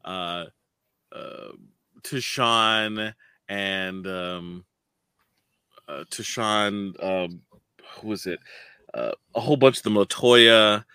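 A man's voice: on the low side, drawn-out words, pauses often, bright, forceful tone, clear, resonant tone, no room sound. A man co-hosting a casual chat, laughing often and stalling with many fillers. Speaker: podcast co-host.

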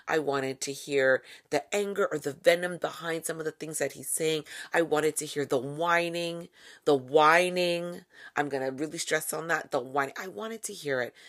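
A woman's voice: extremely low pitch, vocal fry. A woman hosting a podcast, talking in a casual, wry monologue with playful asides. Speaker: podcast host.

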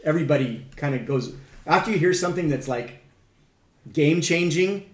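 In an echoey room with a faint hum in the background, a man with a higher-leaning voice at normal speed runs a conversational Bible study. He reads scripture aloud and puts emphasis into the questions he asks the group.

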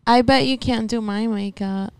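A woman's voice: fairly high pitch, normal speed, clear, resonant tone, no echo. A young woman in her twenties chatting in a laid-back, drawling way. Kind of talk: casual chat.

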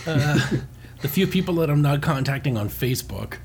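A man's voice: on the high side, moderate pace, background noise. A man co-hosting a podcast, casually retelling a comic with crude jokes and frequent swearing. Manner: animated storytelling, swears often, laughs. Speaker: podcast co-host.

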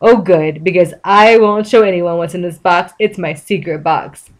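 A woman's voice: on the low side, moderate pace, close to an everyday voice. A woman voicing a dim-witted, cheerful male cartoon starfish with a dopey, sing-song delivery.

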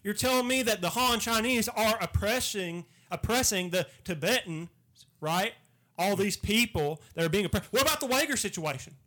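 A man's voice: high voice, lively intonation, moderate pace, few pauses, bright, forceful tone. A man voicing a preachy male Southern redneck who lectures in a folksy way about his kin. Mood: lecturing.

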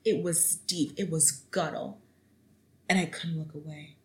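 Young female podcast host, chatty and theatrical, swings her pitch way up for emphasis. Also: normal speed, low-quality recording. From Canada. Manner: animated, dramatic storytelling with sudden pitch jumps. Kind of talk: casual solo podcast commentary.

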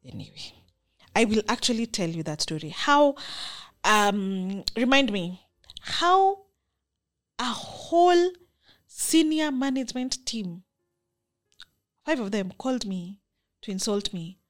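A woman's voice: a little high, lively intonation, slow, pauses often. Earnest young Kenyan woman vlogging. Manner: earnest, emphatic, faith-filled. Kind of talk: reflective personal monologue.

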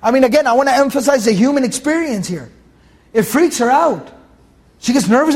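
High-voiced man teaching Quran commentary. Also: expressive, a little fast. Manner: repeats key phrases, explains Arabic words.

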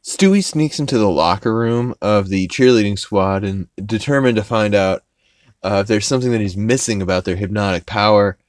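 A man's voice: fairly low pitch, normal speed, smooth, no echo. A man hosting a podcast, casually recapping an episode in a rambling, profane way with many fillers and restarts. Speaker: podcast host.

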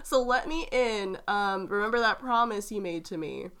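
A pushy storybook frog, slow and wheedling, as a woman puts him on. He makes his demands in a near-everyday voice. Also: mid-range voice, a bit bright, smooth, natural voice. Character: pushy talking frog, male.

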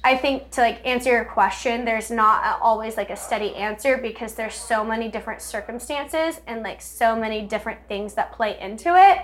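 A woman's voice: fairly high pitch, brisk, few pauses, slight background noise. Chatty young woman, filler-heavy storytelling. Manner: candid storytelling, heavy use of "like". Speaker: podcast guest. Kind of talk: casual podcast conversation.

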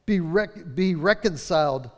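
A man with a notably high voice delivers a fervent sermon, slowing and stretching his emphatic phrases. His words ring with the long reverb of a large church sanctuary. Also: lively intonation, a little mellow. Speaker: pastor.

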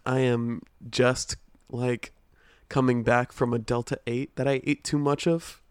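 A man's voice: medium pitch, level tone, a little slow, smooth, no echo. A man co-hosting a casual podcast, talking in a loose, giggly, laid-back way. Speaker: podcast co-host.

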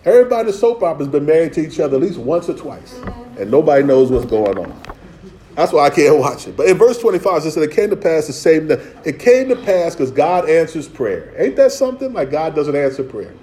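A man's voice: a little high, sing-song, brisk, mellow, reverberant, poor audio. A man preaching a sermon as pastor, streetwise and playful, with asides and acted-out voices. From Philadelphia.

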